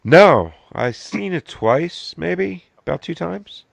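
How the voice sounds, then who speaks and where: Gravelly, blunt podcast guest. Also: male voice, a little high, expressive, slow, dry recording. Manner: blunt and profane. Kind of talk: casual chat.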